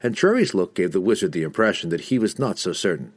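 A man narrates a fantasy novel in a low, husky voice. His pitch moves lively through each sentence, and the reading stays steady and expressive. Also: fast talker. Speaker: audiobook narrator.

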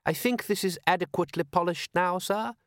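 A man's voice: high voice, fairly quick, dry recording, studio quality, voice pushed up. A man voicing a proper, deferential male butler in an audiobook. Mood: earnest deferential. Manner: formal, deferential, clipped. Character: prim loyal male butler, earnest and proper.

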